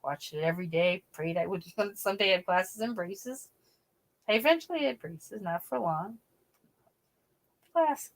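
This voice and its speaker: A woman's voice: medium pitch, lively intonation, unhurried, pauses often. A middle-aged woman chatting casually to her livestream viewers, laughing often and acting out the voices of people she quotes. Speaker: livestream host. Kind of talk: casual chat.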